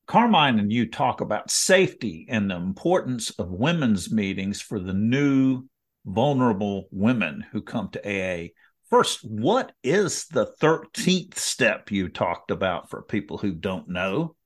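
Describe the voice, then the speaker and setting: A man hosting, posing a measured question to a guest. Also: on the low side, sing-song. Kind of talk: introducing a question.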